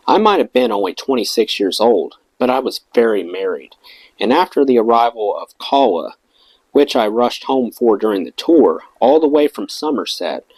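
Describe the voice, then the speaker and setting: A man reading a rock memoir aloud in an expressive storytelling manner. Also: medium pitch, slightly rough, no echo, poor audio. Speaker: audiobook reader.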